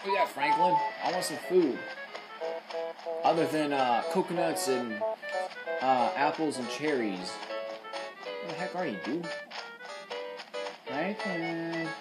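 A man chatting casually over his own gameplay, laid-back and talking to viewers, with loud game music behind him. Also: a little high, expressive, takes it slowly, long pauses, low-quality recording. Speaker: gaming video host.

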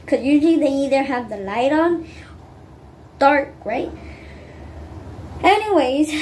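A woman talks casually to her viewers in a high voice, wandering from one aside to the next. Her speech is loose and full of fillers. A faint hum of ambience sits behind her. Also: darkish tone. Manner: rambling, many fillers and asides. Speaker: vlogger. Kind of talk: casual chat to camera.

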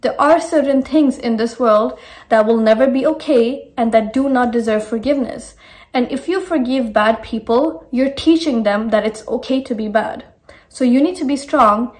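A woman's voice: fairly high pitch, a little mellow. A young woman hosting a talk video, giving frank, emphatic advice with plenty of swearing. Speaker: host. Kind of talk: blunt direct-to-camera advice.

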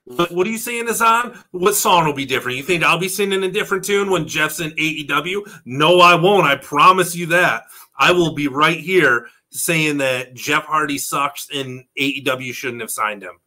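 Bright-voiced, argumentative man. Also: on the high side, moderate pace. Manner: mock-grumpy, argumentative. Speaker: podcast co-host. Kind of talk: casual chat.

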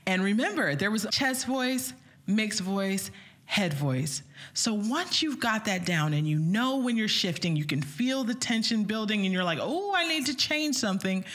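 A woman's voice: medium pitch, animated, measured pace, fairly bright tone. A woman vocal coach giving an upbeat online singing lesson, talking straight to her viewers and breaking into short sung vowel demos.

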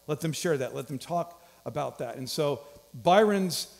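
A man's voice: a little high, lively intonation, moderate pace, vocal fry. A man, a pastor, giving announcements and introducing a guest speaker with an upbeat, joking manner. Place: large church hall. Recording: hall reverb from a church stage.

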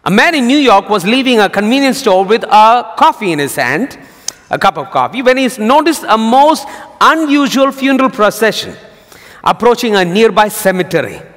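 A male pastor preaching a sermon, telling jokes as a lively storyteller. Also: high-pitched, moderate pace. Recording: long hall reverb.

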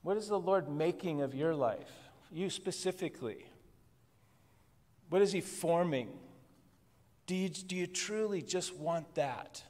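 A man preaching to his congregation in a relaxed, conversational way, breaking into soft laughs now and then. His voice sits a little high. Long reverb from the church hall trails behind his words. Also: a little slow, pauses often. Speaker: pastor. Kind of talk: sermon. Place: church worship service.

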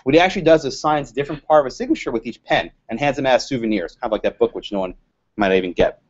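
A man giving a lively, joking law lecture to a live audience, quizzing the room and laughing at his own jokes. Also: mid-range voice, rapid-fire. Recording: dull lo-fi lecture recording.

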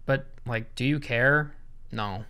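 A man giving a sarcastic comedic movie recap, laughing between remarks. His voice is bright and crisp, with a clean, resonant tone. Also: mid-range voice, slow pace. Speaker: YouTube movie commentator.

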